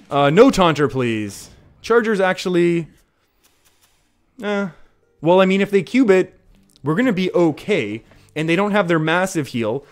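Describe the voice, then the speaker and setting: A man live-streaming a card game, talking through his plays in a chatty way and often laughing. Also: a little high.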